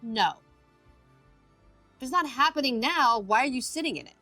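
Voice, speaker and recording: A woman with a bright, forceful voice and a fairly high pitch speaks as a guest on a casual podcast. She tells animated stories and acts out her own inner voice, swearing freely. The recording is dry and close, with faint music underneath. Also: normal speed, dry recording. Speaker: addiction recovery expert and podcast guest.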